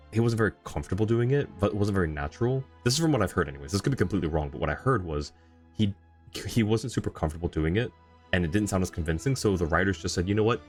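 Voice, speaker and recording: A man streaming a video game, chatting casually, laughing often and going off on rambling asides. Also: sits low. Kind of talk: casual live commentary.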